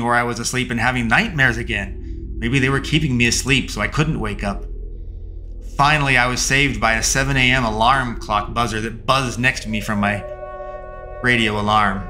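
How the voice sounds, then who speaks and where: Bright-voiced male fiction narrator. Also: medium pitch. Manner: slow, measured, with long pauses. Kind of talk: first-person audio fiction narration. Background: faint music.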